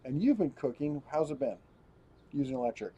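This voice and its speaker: A man's voice: mid-range voice, very animated, brisk, dark tone, slightly rough, lo-fi sound. A man hosting a casual live stream, rambling as he reads viewer comments aloud and chats. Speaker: host.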